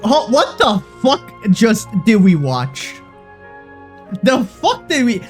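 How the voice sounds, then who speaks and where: A live streamer giving loud, profane gaming commentary, excitable and quick to swing between giddy and exasperated. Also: medium pitch. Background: faint background music.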